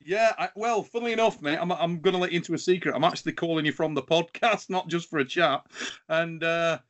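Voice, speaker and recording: A man's voice: fairly high pitch, fast talker, a bit bright. A man hosting a podcast, chatting casually and laughing often. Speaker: podcast host. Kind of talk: casual chat.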